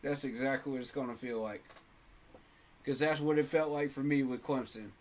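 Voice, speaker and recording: A man's voice: mid-range voice, steady tone, normal speed. A man hosting a sports fan channel, talking casually to camera in a passionate, emphatic way and repeating phrases for effect.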